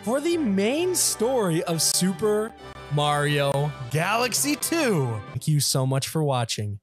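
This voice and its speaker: A man giving excitable let's play commentary, laughing often and breaking into yelps and shouts. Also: high-pitched, slow. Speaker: gameplay commentator. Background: video game music.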